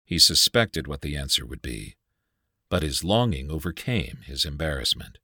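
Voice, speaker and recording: A man narrating a dark folk tale as scripted audiobook narration, dramatic and measured. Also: very deep voice, sing-song, husky, no echo, studio quality.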